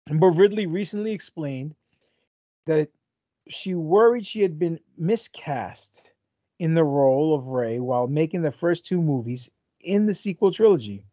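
A man's voice: a little high, lively intonation, unhurried, mellow, no echo. A man co-hosting a podcast in crude casual banter, joking and teasing his co-host. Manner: joking, teasing, laughs often. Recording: dry, dull lo-fi sound.

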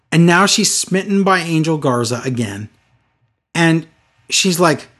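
Male co-host, husky and slightly high, sarcastic recap banter. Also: fairly bright tone. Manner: sarcastic, mocking recap with quoted voices. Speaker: podcast co-host recapping wrestling. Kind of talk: casual chat.

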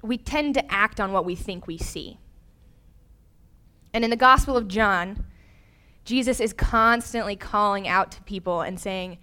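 A young woman preaching a sermon, telling a personal story with lively, animated voices for the people she quotes. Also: medium pitch, a little slow, smooth.

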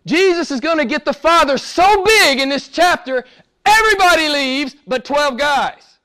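High-pitched guy preaching in church, pushy and emphatic, drops quiet then gets loud. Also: expressive, moderate pace. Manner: emphatic, rhetorical questions, swings between hushed and forceful. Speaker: pastor. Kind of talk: sermon.

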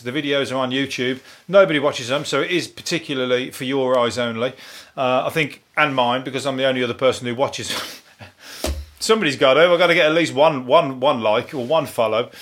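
A man's voice: medium pitch, a bit bright. A man with a Birmingham accent hosting a solo podcast, rambling casually with swearing, self-mocking jokes and restarts. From England. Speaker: podcast host.

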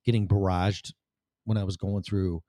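A man's voice: low-pitched, level tone, normal speed, warm tone, dry recording, clean studio sound. A middle-aged man talking candidly to the camera in a blunt, rambling, profane way. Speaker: vlogger. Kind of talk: candid personal monologue.

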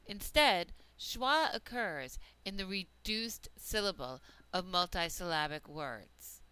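A woman teaching a pronunciation lesson, reading out example words slowly and deliberately. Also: on the low side, expressive, bright, forceful tone, clear, resonant tone, rough recording. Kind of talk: slow, careful pronunciation lesson.

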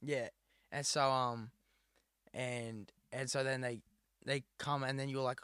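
A man's voice: medium pitch, level tone, slow, fairly bright tone, clean tone, no room sound. Rambling young man, dry sound. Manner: rambling, many fillers and quoted asides. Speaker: podcast co-host. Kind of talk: casual storytelling chat.

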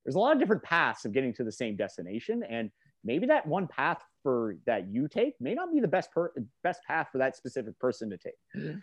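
A man's voice: medium pitch, wildly swooping pitch, a little fast, no echo. A man co-hosting a casual podcast, rambling and joking with frequent "like"s. His voice sits close and dry, with no room sound around it. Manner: joking, rambling, many fillers.

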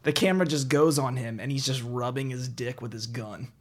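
A man's voice: medium pitch, fairly quick, a crowd in the background. A man hosting a casual podcast chat, laid-back and making crude jokes with trailing asides.

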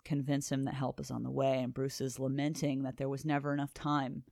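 Woman gushing over a comic on a podcast, chatty and excited, dry close mic. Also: rumbling low, brisk, gravelly, no echo. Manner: enthusiastic, chatty, swearing casually. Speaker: podcast co-host. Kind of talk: casual chat recapping a comic.

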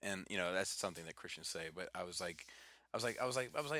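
A man's voice: low voice, rapid-fire, bright, forceful tone, slight background noise. A man co-hosting a podcast, telling stories in a casual chat, laughing often and restarting his sentences. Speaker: podcast co-host.

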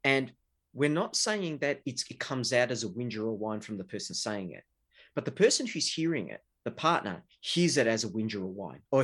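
Husky man explaining relationships. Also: mid-range voice, big pitch swings, normal speed, fairly bright tone. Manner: earnest, explaining with examples. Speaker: relationship researcher. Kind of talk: explanatory interview talk.

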